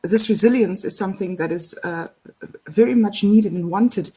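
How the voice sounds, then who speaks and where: Woman, South African accent, middle-aged, breathy husky tone, thoughtful, halting with fillers. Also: medium pitch, mellow. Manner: reflective, many fillers and restarts. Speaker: guest speaker. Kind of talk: casual interview conversation.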